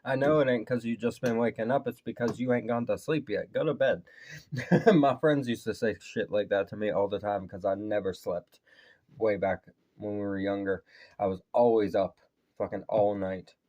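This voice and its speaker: A man's voice: lowish voice, moderate pace, dark tone. Laid-back, swearing man reacting to music. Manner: laid-back, swears a lot, laughs often. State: tired voice from talking at work. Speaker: reaction video host. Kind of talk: casual reaction commentary.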